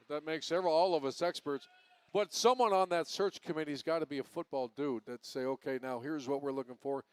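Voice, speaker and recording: A man's voice: on the high side, normal speed, clean tone, dry recording. A man who is a former head coach, talking emphatically on a live panel show and laying out his points one by one. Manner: emphatic, lays out points by number.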